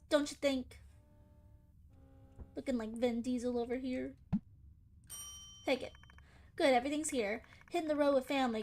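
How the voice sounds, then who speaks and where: A young woman with a high voice chats casually through a game, teasing and sassing the characters on screen. Her commentary is playful, quick to joke and quick to complain. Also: darkish tone, slight background noise. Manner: playful, sassy, talks back to game characters. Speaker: gaming channel host.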